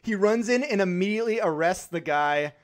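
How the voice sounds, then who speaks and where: A man's voice: sits high, expressive, fairly quick. A young man co-hosting a podcast, chatting casually about a movie, laughing often and acting out lines in silly voices. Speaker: podcast co-host. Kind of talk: casual movie review chat.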